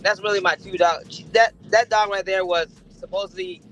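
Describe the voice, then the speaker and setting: A man's voice: high-pitched, steady tone, normal speed, a bit bright, slight background noise, poor audio. A sick middle-aged man, a dog breeder guest, chatting casually and rambling with many fillers. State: sick, chewing a lozenge. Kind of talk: casual podcast chat.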